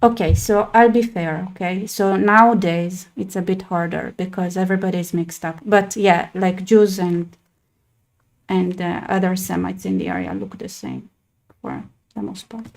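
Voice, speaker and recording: A woman's voice: lowish voice, animated, normal speed, vocal fry, darkish tone. A young woman hosting a casual chat, talking loosely with lots of fillers and restarts. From Israel. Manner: chatty, with many "like" fillers and restarts. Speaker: host.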